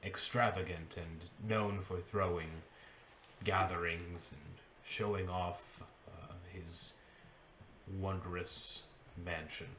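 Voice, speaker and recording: A man's voice: low-pitched, roomy sound, slight background noise. A man voicing an aloof, dry-witted father to a grown child during a tabletop game. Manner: dry, unhurried, deadpan. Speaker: game master.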